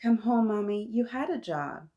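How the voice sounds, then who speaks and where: A woman voicing a young girl who misses her mother, speaking in a high, pleading, childlike way. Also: lively intonation, moderate pace, dark tone, dull audio, close to an everyday voice.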